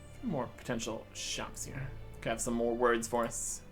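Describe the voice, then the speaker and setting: A man talking his way through a video game in a relaxed, muttering voice, mostly thinking aloud in short bits. His pitch sits in an everyday middle range. Soft game music plays faintly underneath. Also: moderate pace. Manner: mutters short notes to himself, low-key. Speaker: gamer reading dialogue aloud. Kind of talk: casual gameplay commentary.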